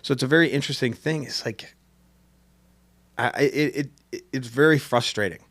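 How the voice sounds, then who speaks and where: A man's voice: medium pitch, a little fast, a bit bright, no room sound. A man hosting a podcast, talking casually and rambling with restarts. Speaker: podcast host. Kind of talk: casual conversation.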